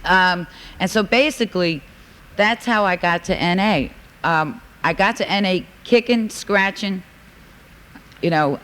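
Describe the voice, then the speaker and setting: A New York woman with a fairly low, fairly bright voice gives a recovery share to a crowd in a large convention hall. Her talk is rambling, heartfelt, and full of fillers, captured roughly on a 1980s tape with faint hiss.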